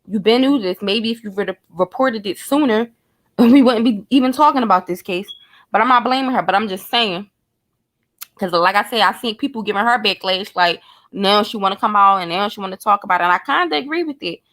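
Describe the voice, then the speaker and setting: A woman's voice: mid-range voice, a little fast, a bit bright. A woman giving blunt, profane commentary, speculating and talking straight to her viewers in a casual vlog. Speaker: true crime commentator.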